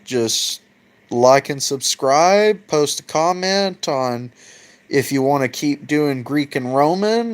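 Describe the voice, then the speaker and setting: A man hosting a casual livestream, reading old myths aloud and retelling them in a laid-back, profane way. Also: medium pitch. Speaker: mythology video host.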